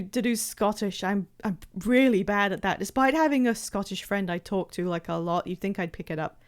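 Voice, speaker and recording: A woman's voice: a little high, smooth. A woman streamer chatting casually while playing a game, rambling with many fillers and restarts.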